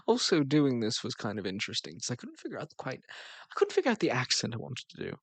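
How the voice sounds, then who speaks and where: A male channel host chats through a casual outro in a playful, flirty way. His voice is gravelly and slightly husky, with a lively, swinging pitch. It is recorded close and dry. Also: fast talker, no room sound. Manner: playful, flirty, laughs often.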